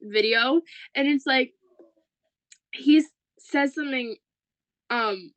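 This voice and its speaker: Brief: young woman, high voice, dry close sound, excitable podcast co-host chatting with a friend. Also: slow pace, no room sound, rough recording. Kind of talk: casual chat.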